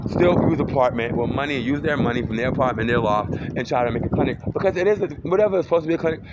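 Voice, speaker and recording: A man's voice: mid-range voice, very fast. Man ranting on a noisy street. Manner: rambling, accusatory, heavy cursing. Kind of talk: rambling profane street rant. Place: city street outdoors. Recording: dull lo-fi street recording with traffic noise. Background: street traffic noise.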